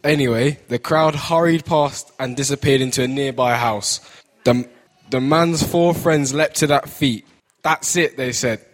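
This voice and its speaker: A man's voice: mid-range voice, a little slow. A man co-narrating a comic story in an amused way, with restarts and chuckles.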